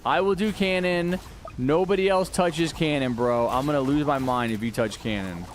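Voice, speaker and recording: A Texas gaming livestreamer with a fairly high voice talks at a moderate pace over slight background noise. He rambles casually while playing, answering viewers' questions with lots of fillers and restarts.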